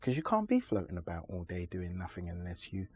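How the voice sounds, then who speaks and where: A man's voice: low voice, wildly swooping pitch, breathy edge, dry recording. Emphatic man making his case. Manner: forceful, lecturing, deliberate pauses. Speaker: interview guest. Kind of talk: emphatic conversational argument.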